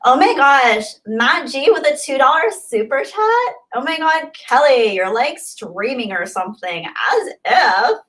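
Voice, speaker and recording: A woman voicing a ditzy, dismissive young Valley Girl with a gushing, sarcastic delivery that swoops high. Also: lively intonation, a little slow, fairly bright tone. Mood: gushing mock.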